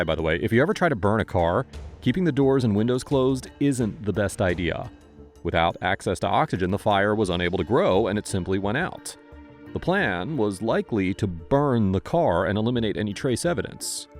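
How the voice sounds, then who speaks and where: A man narrating a true-crime case in a scripted storytelling style, with wry asides. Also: lowish voice.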